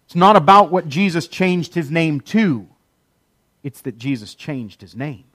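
A man preaching a sermon, emphatic, with repeated phrases and dramatic pauses. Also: a little high, lively intonation, fairly bright tone, no echo. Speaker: pastor.

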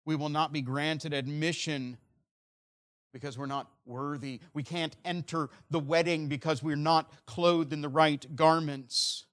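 Preaching man with a higher voice. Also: fairly even intonation. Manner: earnest preaching, swings between loud emphasis and quiet, slow stresses. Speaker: pastor. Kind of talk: sermon.

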